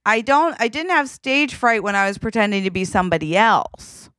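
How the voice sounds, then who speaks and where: A woman's voice: mid-range voice, normal speed, no echo, clean studio sound. A woman co-hosting a podcast, telling a story in casual chat and acting out what people said. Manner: animated, quotes herself and others in lively asides. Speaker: podcast co-host.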